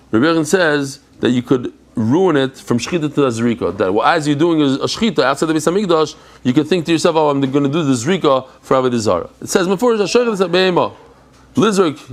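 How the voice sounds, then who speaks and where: A man leads a live Talmud class in a fairly high voice. He talks in an animated, chatty way and jokes with the people in the room.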